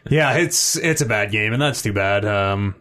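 A man hosting a gaming podcast in loose, casual chat, and his pitch swings up and down all the time. He is animated and swears freely while he runs through the news. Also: moderate pace. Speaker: podcast host.

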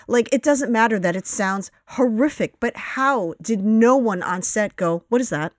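A woman's voice: a little high, a little slow, dry recording, clean studio sound. A woman co-hosting a casual film review podcast, blunt and opinionated, with the odd swear. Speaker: podcast co-host.

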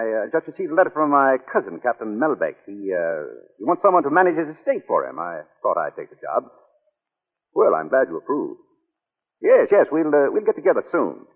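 A charming, evasive young husband with a slightly husky voice that swoops very widely as he teases. He hedges and laughs things off. The sound is a tinny old radio broadcast with a long reverb. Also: medium pitch. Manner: teasing, hesitant with uhs, laughs easily. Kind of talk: 1940s radio acting.

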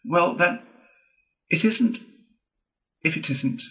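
A man voicing a timid, polite male mole who speaks cautiously and soothingly, pitching his voice up. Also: big pitch swings, normal speed, pushed and bright, heavily acted. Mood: eager.

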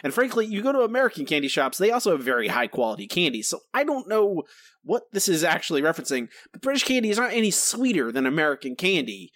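A man's voice: on the high side, sing-song, fast talker, fairly bright tone, no room sound. A man co-hosting a podcast, playfully sarcastic and mock-explaining jokes. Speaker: podcast co-host. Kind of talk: casual chat. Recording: dry podcast mic.

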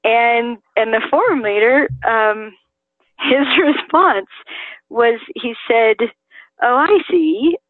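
Woman guest, animated storyteller who acts out quotes. Phone-line audio, dry. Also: on the high side, takes it slowly, no echo. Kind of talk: interview chat.

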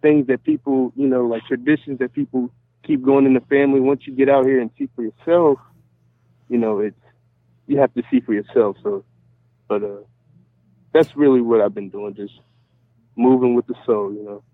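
A man's voice: medium pitch, steady tone, moderate pace, pauses often, no room sound. Man, phone caller, rambling, "you know" every line, tinny phone line, dry. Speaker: guest caller. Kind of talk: casual phone interview.

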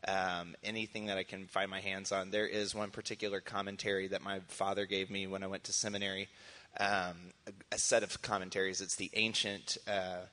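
Lowish bright voiced guy preacher, rambly and hesitant, laid back. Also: flat delivery, fairly quick. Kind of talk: answering questions in church.

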